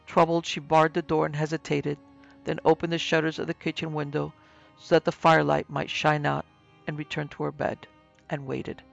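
A man narrating a horror story in a steady, even reading pace. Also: a little high, moderate pace, vocal fry, highs cut off, soft background music.

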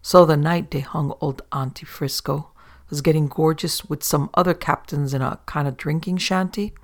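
Gravelly-voiced man telling a sea yarn. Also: a little high, moderate pace. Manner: steady old-sailor yarn telling. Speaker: narrator. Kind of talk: storytelling read-aloud.

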